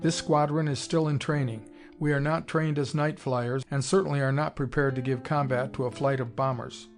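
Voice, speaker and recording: A man's voice: medium pitch, fairly even intonation, normal speed, soft background music, close to an everyday voice. Guy doing a stiff, barking army major, formal and cold. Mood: stern. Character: stern older male army major, officious.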